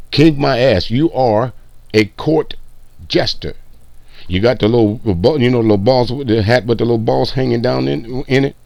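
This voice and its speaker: A man's voice: mid-range voice, creaky, a little mellow, dry recording. A man hosting a stream, giving reaction commentary in a profane, mocking rant.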